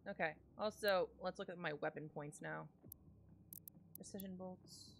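A woman streaming a video game, reading upgrade text under her breath and ranting loudly with swearing when things go wrong. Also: steady tone, unhurried, vocal fry, a little hiss or hum. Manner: mutters upgrade text aloud in a low voice. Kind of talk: casual gameplay commentary.

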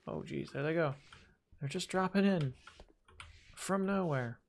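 A man with a gravelly, fry-edged voice talks through a game as he plays it. He rambles casually, mutters to himself, and pokes fun at his own slip-ups. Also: a little high, measured pace, a little hiss or hum. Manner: chatty, self-deprecating, talks to himself while playing. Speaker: gaming video host. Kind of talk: casual let's-play commentary.

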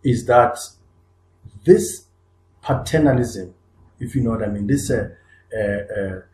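This podcast co-host has a fairly low, darkish voice and takes things slowly. Recorded in an echoey room, he discusses topics conversationally but earnestly, restarting repeatedly and rising emphatically as he builds each point.

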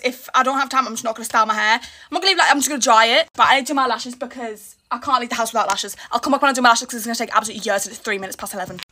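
A young woman chatting through her get-ready-with-me vlog in a rushed, exasperated way, at home. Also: sits high. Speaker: beauty vlogger. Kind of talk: casual get-ready-with-me chat. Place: home, indoors. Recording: noisy room with background cricket sounds. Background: cricket sounds from a smart speaker.

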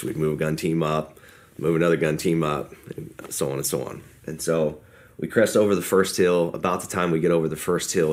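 A man telling a war story in an interview, casual and talkative, acting out what people said. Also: rumbling low. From United States. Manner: casual storytelling, acts out quoted dialogue. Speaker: podcast guest.

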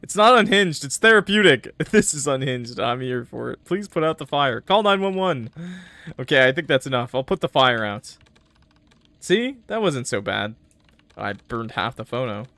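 Lively joking male game streamer. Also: mid-range voice, normal speed, no room sound. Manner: laughs often, joking with chat. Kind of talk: casual gameplay commentary.

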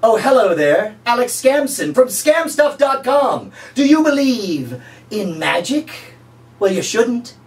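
A man putting on an over-the-top, scheming male infomercial pitchman who draws out his words and shouts his sales lines, recorded from a distance. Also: sing-song, heavily acted. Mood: hammy. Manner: booming, drawn-out sales shouting.

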